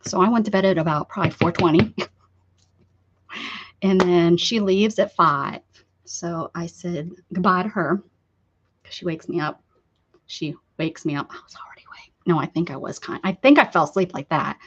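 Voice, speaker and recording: A woman's voice: fairly low pitch, moderate pace, long pauses, a little hiss or hum. A woman hosting a casual art livestream, chatting and teasing herself while she crafts. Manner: chatty, giggly, self-teasing. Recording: dull lo-fi sound.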